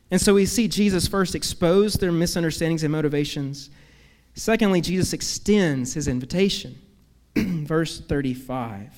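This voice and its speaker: High-voiced preacher in a reverberant hall. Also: male voice. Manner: earnest preaching with rhetorical questions and cascading lists. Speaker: pastor. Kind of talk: sermon.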